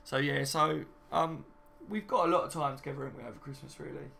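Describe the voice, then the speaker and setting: Chatty man with a gravelly edge. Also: on the high side, fairly even intonation, fast, sharp tone, a little hiss or hum. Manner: chatty, laughs often, reads viewer comments. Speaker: fan channel host. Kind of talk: casual live-stream chat. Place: home.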